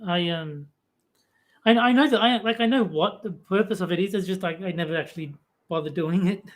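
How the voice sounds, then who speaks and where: A man's voice: high-pitched, fairly quick. A man co-hosting a casual online talk show, giving brief, laid-back replies with stammered restarts. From Australia. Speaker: podcast co-host. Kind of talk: casual chat.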